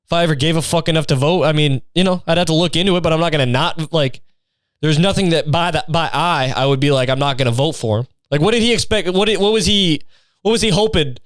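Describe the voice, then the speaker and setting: A man's voice: fairly high pitch, fast talker, a bit bright, no echo, clean studio sound. A young man hosting a podcast who tells a story casually, sardonic and profane, rambling as he goes. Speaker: podcast host.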